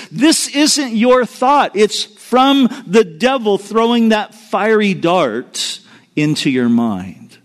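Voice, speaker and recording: A middle-aged man preaching a sermon, telling a personal story in an earnest way that moves between hushed and emphatic. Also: high voice, big pitch swings, a little slow. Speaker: pastor.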